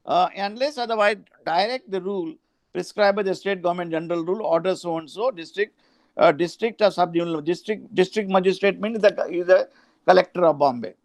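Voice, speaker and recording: A man's voice: sits high, fairly quick, no echo. A man with an Indian English accent giving a law lecture, reading statute sections aloud and slipping into Hindi asides. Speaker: law professor.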